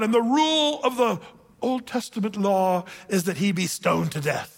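Humorous pastor retelling scripture; gravelly, echoing church hall. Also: male voice, high-pitched, moderate pace. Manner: animated humorous storytelling. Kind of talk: sermon.

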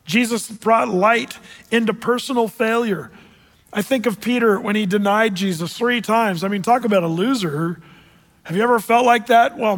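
A male pastor preaching a sermon in a church, telling stories dramatically and dropping from loud to hushed. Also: high voice. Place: church sanctuary with congregation. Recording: long reverb in a large hall.

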